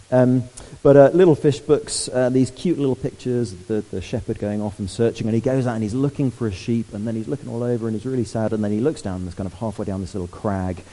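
A man preaching a sermon, lively and conversational, asking the congregation questions. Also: on the low side, low-quality recording.

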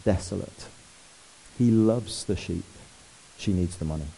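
A man preaching a sermon, lively and conversational, asking the congregation questions. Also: deep voice, measured pace, vocal fry, poor audio.

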